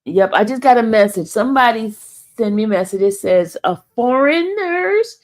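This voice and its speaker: A woman's voice: mid-range voice, brisk, a little mellow. A woman hosting a casual live stream, chatting straight to her viewers and reading their comments aloud. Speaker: livestream host.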